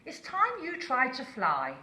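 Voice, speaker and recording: A woman's voice: sits high, wildly swooping pitch, a little slow, sharp tone, voice pushed up, exaggerated voice. A woman doing a stern mother owl. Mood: coaxing.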